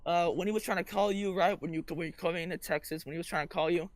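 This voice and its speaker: A young man co-hosting a casual podcast, loud and excitable as he retells stories. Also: high-pitched, fast talker, dry recording. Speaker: podcast co-host. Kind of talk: casual chat.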